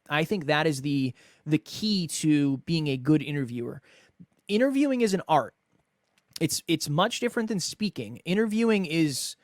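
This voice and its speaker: A man's voice: fairly high pitch, no echo. Emphatic male podcast host, dry sound. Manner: emphatic, repeats key phrases, acts out example dialogue. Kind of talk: solo instructional podcast talk.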